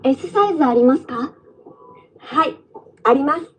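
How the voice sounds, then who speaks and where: A woman's voice: sits high, animated, brisk, fairly bright tone. A woman voicing a young female store clerk and shopper in a textbook dialogue clip, formal and polite.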